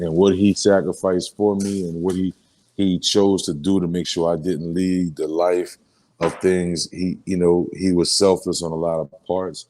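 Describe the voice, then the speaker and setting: A low, mellow male voice belongs to a rapper from New Orleans, Louisiana. In a relaxed sit-down interview, he tells emotional stories using street slang and filler phrases.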